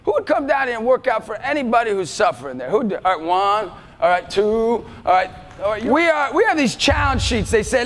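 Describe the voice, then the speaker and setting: A male motivational speaker giving an energetic talk to students, often shouting to rally them. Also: very high-pitched, fairly quick. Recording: reverberant hall, faint music behind.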